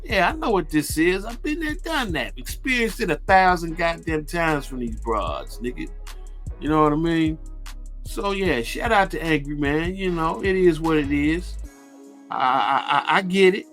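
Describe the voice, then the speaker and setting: A man hosting a radio show, telling a street story in a laid-back, crude and boastful way, with halting restarts. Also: fairly high pitch, lively intonation, fairly bright tone, faint music behind. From Ohio. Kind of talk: casual profane storytelling.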